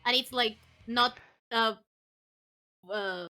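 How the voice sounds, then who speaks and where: A woman's voice: a little high, takes it slowly, bright, forceful tone. A woman co-commentating a strategy game in a casual, giggly way, often asking questions.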